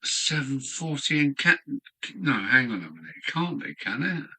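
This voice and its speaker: A man's voice: mid-range voice, sing-song, moderate pace, sharp tone, husky, low-quality recording. An older man from England, musing aloud to himself in a rambling live-stream chat from his home hobby room. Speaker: model railway streamer.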